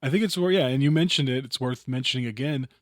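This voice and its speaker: A man co-hosting a horror podcast, easygoing and joking as he chats. His voice sits at an ordinary middle pitch. It is recorded close and dry, with no room sound. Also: fast talker, no room sound. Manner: laid-back, chatty, joking. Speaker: podcast co-host. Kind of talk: casual chat.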